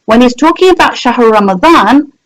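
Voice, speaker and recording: A woman's voice: on the high side, lively intonation, normal speed, low-quality recording. A woman giving a live-streamed religious lesson, explaining verses step by step with rhetorical questions and Arabic recitation. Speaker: religious teacher.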